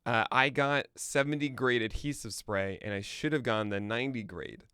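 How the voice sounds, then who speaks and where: A man hosting a podcast stream talks casually to himself and his chat, trailing off into mumbled asides. His voice is gravelly with fry yet smooth and resonant, recorded dry and close with no room sound. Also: mid-range voice, pushed and bright, no room sound. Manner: thinking aloud, mumbling asides, quick laughs. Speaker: podcast host. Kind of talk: casual livestream chat before a show.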